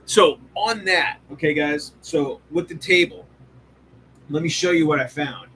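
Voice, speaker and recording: A man's voice: fairly high pitch, unhurried, pushed and bright, slight background noise, rough recording. A man hosting a live hobby stream in casual chat, rambling and swearing often, full of fillers and restarts. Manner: rambling, profane, enthusiastic, lots of fillers. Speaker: hobby show host. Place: home hobby room.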